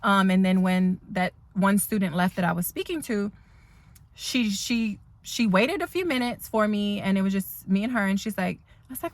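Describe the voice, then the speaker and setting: A woman's voice: medium pitch, moderate pace, dry recording. A woman instructor telling a heartfelt story in a rambling, emotional vlog from her car. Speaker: dental assisting instructor. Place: parked car.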